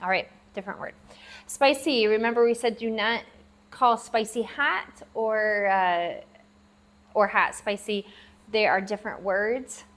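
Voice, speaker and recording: A woman teaching a language lesson, patiently repeating words slowly and spelling them out. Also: medium pitch, steady tone, fairly bright tone. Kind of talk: classroom-style language lesson. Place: lives abroad in Southeast Asia.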